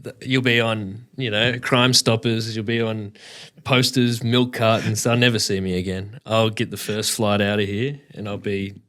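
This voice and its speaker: A man's voice: on the low side, fairly even intonation, normal speed, sharp tone. A man in a casual chat, joking and spinning exaggerated comic tales. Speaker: podcast co-host.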